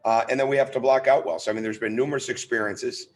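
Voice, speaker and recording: Earnest coach on a video call. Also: male voice, mid-range voice, fairly even intonation, quick pace. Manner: earnest, emphatic, repeats words when restarting. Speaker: head basketball coach. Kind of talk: press conference answers.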